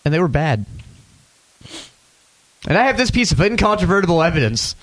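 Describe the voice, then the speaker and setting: A man's voice: sits high, sing-song, a little fast, a bit bright, poor audio. A young man co-hosting a comedy podcast, goofy and loopy, rambling through riffs. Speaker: podcast co-host. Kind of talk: improvised comedy banter.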